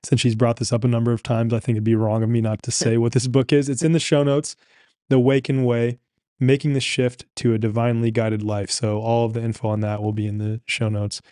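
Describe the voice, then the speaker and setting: A man's voice: medium pitch, flat delivery, fairly quick, dark tone, no echo, clean studio sound. A man hosting a podcast interview, affirming his guest and asking long multi-part questions. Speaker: podcast host. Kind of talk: interview conversation.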